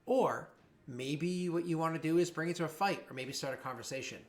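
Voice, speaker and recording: A man's voice: fairly high pitch, fairly quick. Man running a tabletop game. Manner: rambling, many fillers and restarts; voices jeering thugs in a raised voice. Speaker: game master.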